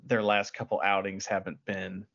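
A man co-hosting a casual wrestling podcast, joking and animated, often laughing. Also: low-pitched, normal speed, lo-fi sound. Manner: joking, animated, breaks into laughter and shouted crowd impressions. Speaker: podcast co-host.

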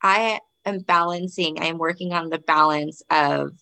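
A woman's voice: deep voice, moderate pace, vocal fry, sharp tone, clear, resonant tone. A woman guest on a podcast, speaking over a video call in a reflective, hesitant way as she searches for her words. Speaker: podcast guest, performer and mother. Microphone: video call microphone.

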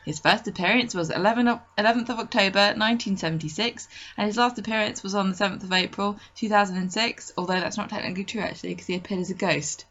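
A woman's voice: mid-range voice, fast, few pauses, a bit bright, dull audio. A woman co-hosting a casual podcast, chatty and laughing often as she reads through her notes. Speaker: podcast co-host.

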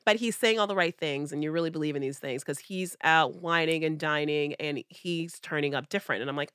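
A woman's voice: fast, few pauses, clear, resonant tone, no echo, clean studio sound. A woman co-hosting a podcast, telling a dating story in casual chat and acting out what people said with big jumps in her voice. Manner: animated, acts out quotes with big pitch jumps. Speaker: podcast co-host.

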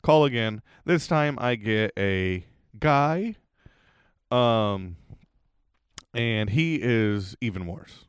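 A man telling a story in casual chat as a podcast co-host, animated and heavy on swearing. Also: on the low side, very slow, clean tone, no echo.

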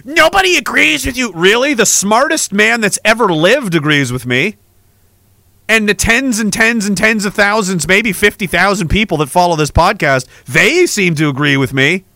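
A man's voice: high voice, expressive, normal speed, pushed and bright, no echo. A man hosting a podcast, ranting in an angry, profane, sarcastic way. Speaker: podcast host.

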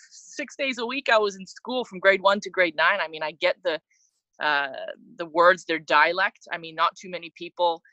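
A woman from Canada speaking in a bright, clear voice. She tells her own story in a candid, reflective way, often restarting her sentences. The sound is close and dry. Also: on the low side, no echo, low-quality recording. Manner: reflective, with frequent restarts and laughs. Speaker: interview guest, former soccer player.

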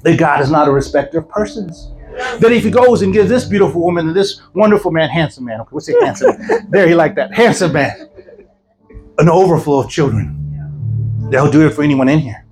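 A man preaching at a church healing service, telling a story in a lively way, laughing often and now and then shouting. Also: on the high side, fairly quick, soft background music, poor audio. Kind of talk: sermon told as a lively story. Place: church service before a congregation.

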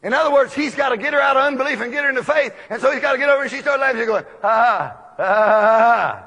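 A middle-aged man preaching a sermon, shouting his points with emphasis and often breaking into laughter. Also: very high voice, steady tone, racing, vocal fry. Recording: long reverb of a large hall.

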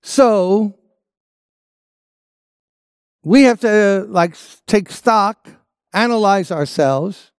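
Preacher guy, high clear voice, repeats stuff for punch. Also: very slow, long pauses, no room sound, studio quality. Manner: emphatic preaching with repeated phrases. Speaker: pastor. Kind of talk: sermon.

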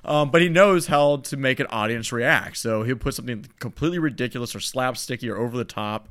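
Young man, podcast co-host, mid-pitched voice, rambling film chat, fillers, chuckles. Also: fairly quick, fairly bright tone. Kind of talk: casual chat about films.

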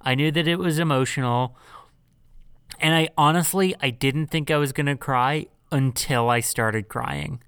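Guy on a podcast, smooth clear voice, dry close sound, emphatic and sweary. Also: mid-range voice, a little slow, fairly bright tone, dry recording. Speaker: podcast co-host. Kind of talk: casual chat recapping a film.

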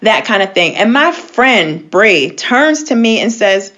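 A woman telling a personal story in casual conversation as a guest, animated, with many filler words and sudden upward swoops for emphasis. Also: mid-range voice, a little slow.

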